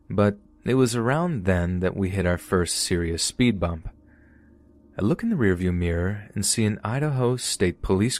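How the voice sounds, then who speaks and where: Deep-voiced man narrating horror stories. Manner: steady, storytelling. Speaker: podcast narrator. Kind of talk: scripted horror story narration.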